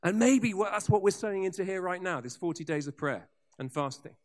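A man preaching a sermon, telling revival stories with lively asides and frequent restarts. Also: sits high, brisk. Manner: animated storyteller with asides and restarts. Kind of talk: sermon storytelling.

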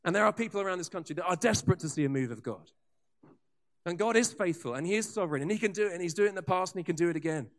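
A man preaching a sermon, telling revival stories with lively asides and frequent restarts. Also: high-pitched, racing. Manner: animated storyteller with asides and restarts. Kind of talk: sermon storytelling.

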